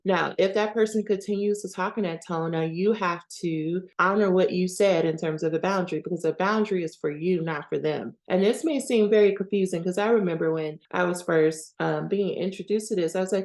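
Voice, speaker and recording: A woman's voice: fairly low pitch, fairly even intonation, normal speed, a little mellow. A woman hosting a self-help podcast, speaking candidly about her own experiences in a conversational way and often checking in with "right?". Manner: candid and personal. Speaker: podcast host. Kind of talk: reflective self-help talk.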